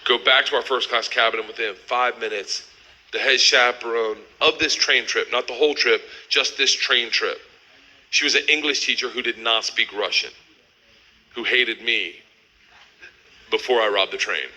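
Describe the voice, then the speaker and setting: A middle-aged man telling a wild story as a stand-up comedian, loud and animated, yelling punchlines in high voices. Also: moderate pace, poor audio.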